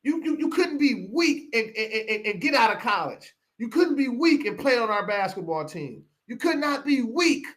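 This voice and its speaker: A man's voice: extremely high pitch, big pitch swings, moderate pace, hardly any pauses, fairly bright tone. A middle-aged man from Pontiac, hosting a live broadcast and delivering a heated, preachy rant that repeats phrases for emphasis. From Pontiac, Michigan. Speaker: show host.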